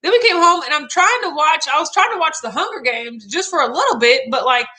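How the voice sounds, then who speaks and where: A Southern American woman hosting a casual livestream. She reads out viewer comments and chats in an animated way, with many filler words. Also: sits high, fairly quick. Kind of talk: casual live chat.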